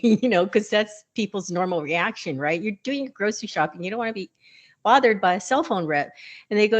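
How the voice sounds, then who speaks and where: A woman's voice: fairly low pitch, expressive, normal speed. Chatty older woman telling a story. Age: 60s. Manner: chatty storyteller, laughs often, acts out quoted voices. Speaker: podcast co-host. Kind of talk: casual chat.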